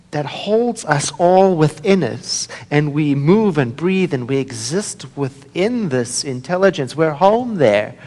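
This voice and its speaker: Man, minister preaching, unhurried delivery, storytelling with humor, long hall reverb. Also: on the high side. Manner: storytelling, warm humor, acts out voices in a joke. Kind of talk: sermon.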